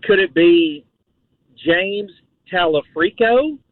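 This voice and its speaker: A man's voice: sits high, animated, slow, no echo. A male caller on the phone, polite and wry as he plays a radio game. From Ireland heritage. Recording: tinny phone line.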